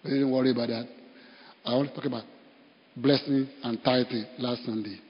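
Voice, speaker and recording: A man with a Nigerian accent, a pastor preaching a sermon with animated storytelling and bursts of laughter. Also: medium pitch, fairly quick. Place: church. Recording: dull sound in a reverberant hall.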